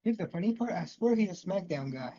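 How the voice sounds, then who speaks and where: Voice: medium pitch, expressive, quick pace, warm tone. A co-host chatting casually about wrestling, adding laid-back reactions and asides. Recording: muffled lo-fi audio.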